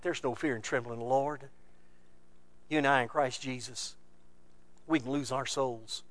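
A man preaching a sermon, moving between loud, emphatic bursts and low, quiet passages. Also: fairly even intonation, normal speed, pauses often, no room sound.

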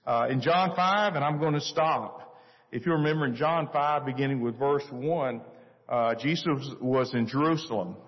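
Older man, missionary, earnest, pausing, echoey church hall, muffled lo-fi. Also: medium pitch. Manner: earnest storytelling with frequent "uh" pauses. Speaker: missionary speaker. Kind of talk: church talk.

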